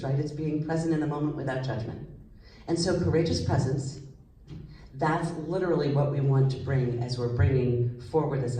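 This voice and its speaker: Woman psychologist, low mellow voice, chatty stage talk, echoey hall. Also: a little hiss or hum. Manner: lively, conversational, asks the audience questions. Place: large hall with audience. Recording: echoey hall, voice slightly distant.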